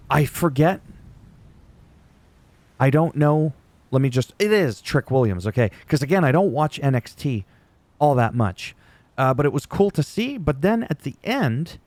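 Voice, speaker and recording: A middle-aged man with a medium-pitched, darkish voice hosts a casual wrestling recap. He's rambling and chatty, laughing at himself and joking at his own expense.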